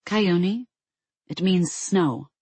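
A narrator voicing a calm warrior woman who speaks in a low, soothing murmur. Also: extremely slow, breathy edge, no room sound, full character voice. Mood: gentle.

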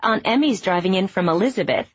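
A woman reading aloud, voicing a frank, headstrong young woman dancer in a lifted, lively voice. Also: medium pitch, quick pace, husky, lo-fi sound.

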